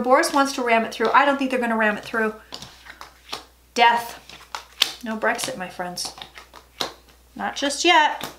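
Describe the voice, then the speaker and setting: A woman's voice: fairly high pitch, a little slow, pauses often, background noise. A woman psychic giving a casual tarot reading vlog, chatty and emphatic, often dropping into murmured asides.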